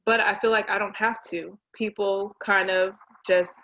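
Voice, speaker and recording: Woman guest, 30s, animated storyteller; bright tone, slightly muffled recording. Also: medium pitch, a little slow, hardly any pauses, a little hiss or hum. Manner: animated storyteller acting out quotes. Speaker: guest, realtor and business owner. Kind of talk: casual conversation.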